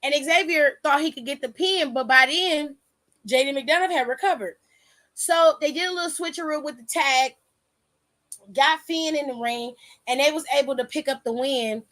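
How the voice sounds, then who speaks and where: Woman with high bright voice, chatty recap, acts out what everyone said. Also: normal speed. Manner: animated retelling with quoted dialogue and swearing. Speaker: podcast host. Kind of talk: casual wrestling recap.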